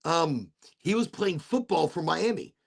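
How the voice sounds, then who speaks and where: Raspy guy hosting a loose chill podcast, kinda high for a dude, just rambling. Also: sing-song, measured pace. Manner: rambling storyteller, laughs often. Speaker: podcast host. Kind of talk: casual chat.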